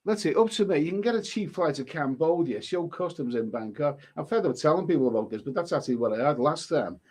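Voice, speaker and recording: A fast-talking livestreamer with a fairly high, expressive, somewhat dark voice reads chat comments aloud. He rambles casually, often stumbling and repeating words.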